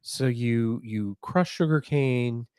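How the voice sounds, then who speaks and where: A man's voice: medium pitch, slow, a little mellow, smooth, dry recording, studio quality. A man co-hosting a spirits tasting podcast, talking in a playful, rambling way. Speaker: podcast co-host. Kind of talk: casual chat.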